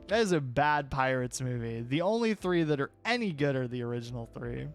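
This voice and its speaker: A man's voice: mid-range voice, big pitch swings, a little fast, few pauses, faint music behind. A young man streaming and chatting casually with his viewers, opinionated and rambling, often restarting his sentences.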